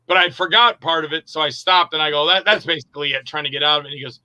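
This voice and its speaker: Guy in an interview rambling through set stories, acting out what everyone said, kinda high voice, swears a bit. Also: fast, poor audio. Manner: lively storyteller who acts out other people's lines; loose and rambling, with profanity. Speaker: film actor and director, interview guest. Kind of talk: casual anecdote-telling in an interview.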